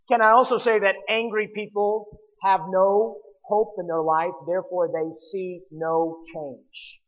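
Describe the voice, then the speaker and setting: A man's voice: high-pitched, little pitch movement, a little slow, in a large hall, dull audio. A man preaching a sermon, emphatic and appealing directly to his listeners.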